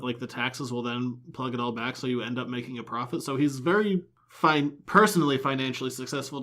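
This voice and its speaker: A man co-hosting a pop culture podcast, chatting casually in a sarcastic, animated way. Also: mid-range voice. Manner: animated, sarcastic, reads quotes aloud with mocking emphasis. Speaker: podcast co-host. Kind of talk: casual chat.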